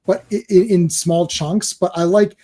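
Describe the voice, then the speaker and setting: A man's voice: sits high, fairly even intonation, normal speed, dark tone. A man in casual podcast chat, laughing often and acting out lines he quotes.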